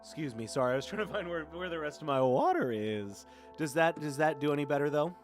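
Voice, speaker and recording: Faint horror music sits in the background as this twenty-something Floridian talks fast and animatedly in a fairly high voice. On his live stream he rambles casually with viewers and keeps thanking them.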